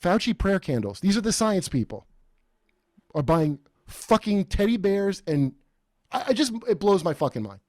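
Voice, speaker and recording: A man's voice: high voice, sing-song, moderate pace, a little mellow, no echo, studio quality. A man hosting a podcast, talking in a rambling, profane, mocking way and putting on quoted voices. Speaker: podcast host. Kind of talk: casual comedic chat.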